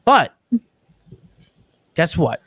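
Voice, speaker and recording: A man's voice: drawn-out words, fairly bright tone, no room sound. A man in his twenties co-hosting a podcast in casual chat, rambling loosely, swearing freely and laughing often. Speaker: podcast co-host.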